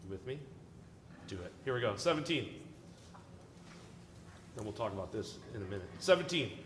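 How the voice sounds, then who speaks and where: The conductor, a man with a lowish, sing-song, fairly bright voice, speaks at a moderate pace while rehearsing an orchestra. He's jokey and encouraging as he coaches. The large concert hall is echoey with long reverb, plus a little hiss or hum.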